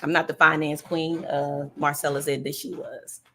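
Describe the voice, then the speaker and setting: A woman talks casually and emphatically to her viewers, repeating her points for weight and responding to their comments as she goes. Her voice sits somewhat low with a gravelly, fried edge. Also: level tone, moderate pace, a bit bright, slight background noise. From California. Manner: chatty, emphatic, repeats herself, reads viewer comments aloud. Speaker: livestream host. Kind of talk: casual political chat with viewers.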